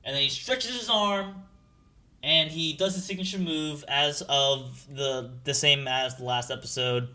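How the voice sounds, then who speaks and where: Bright-voiced man rambling through a recap. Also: on the high side, measured pace. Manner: profane, rambling, full of fillers. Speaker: YouTuber recapping an anime. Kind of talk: casual recap narration.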